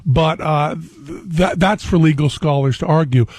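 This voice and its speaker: A man as a radio guest, telling rambling, animated stories and laughing often. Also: a little high, normal speed, no echo. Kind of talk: casual talk-radio conversation.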